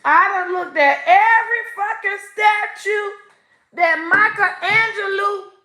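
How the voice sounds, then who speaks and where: A woman comedian hosting a live stream, ranting with constant profanity in a loud, rambling way. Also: extremely high pitch, takes it slowly. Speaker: comedian host. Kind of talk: live-stream comic rant. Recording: echoey room.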